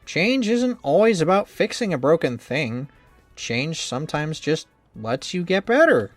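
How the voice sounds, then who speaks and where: A man's voice: fairly high pitch, very animated, unhurried, no echo, soft background music. A man reading a visual novel game aloud as the male lead, wry, teasing and blunt in manner. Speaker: game narrator and reader.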